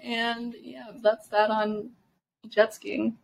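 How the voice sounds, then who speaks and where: A woman in her twenties co-hosting a podcast tells chatty stories, laughing and swearing as she talks. Her fairly high voice barely moves in pitch, and she speaks extremely slowly with a creaky quality. There's slight background noise and the audio is poor.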